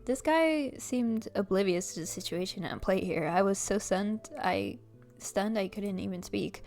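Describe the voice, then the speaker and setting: A young woman gamer reading a visual novel aloud, excitable and giggly, squealing and swearing as she reacts. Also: mid-range voice, measured pace, faint music behind.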